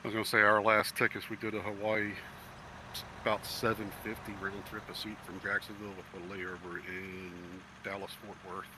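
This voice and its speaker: A man chatting casually with fellow players while gaming, low-key and reminiscing. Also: flat delivery, fairly quick. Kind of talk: casual chat while playing. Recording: noisy background.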